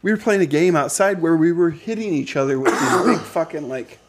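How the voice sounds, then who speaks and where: Young male podcast co-host, slightly high voice, rambling casual storyteller. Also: a little fast, heavy background noise. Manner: rambling, filler-heavy storytelling.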